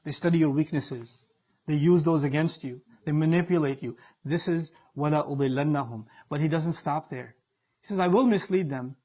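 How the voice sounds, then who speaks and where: A man's voice: a little high, moderate pace, warm tone. A man preaching a sermon with emphatic delivery, acting out the voices he quotes.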